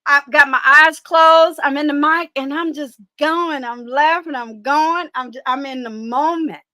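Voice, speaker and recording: High, bright-voiced woman, blunt and animated. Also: measured pace, dry recording. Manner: blunt, animated, profane streaming talk. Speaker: guest commentator. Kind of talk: casual chat.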